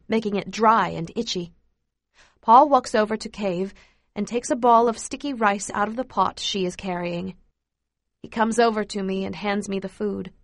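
Woman reading a story aloud, steady and even, dry sound, mid voice. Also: mid-range voice, dry recording. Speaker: audiobook narrator. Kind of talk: scripted first-person narration.

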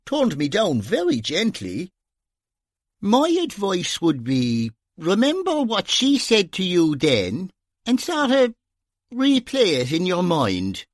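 A man's voice: high voice, huge pitch swings, slow pace, dry recording, voice pushed up, exaggerated voice. A man with an Irish accent voicing a wry, teasing Dublin police officer who talks in dry, sardonic banter.

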